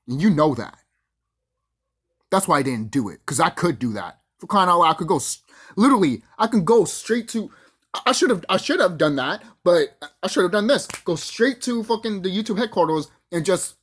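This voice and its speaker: Brief: mid-pitched vlogger, big lively swings in pitch, foul-mouthed boastful rant. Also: moderate pace, slightly rough. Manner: profane, boastful, acts out quoted voices. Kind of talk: ranting monologue.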